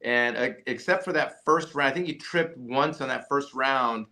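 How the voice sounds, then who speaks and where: Bright-voiced man telling an animated story. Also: medium pitch, normal speed. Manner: animated storyteller, many restarts and "right?" tags. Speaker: jump rope company CEO and coach. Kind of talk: storytelling in a podcast interview.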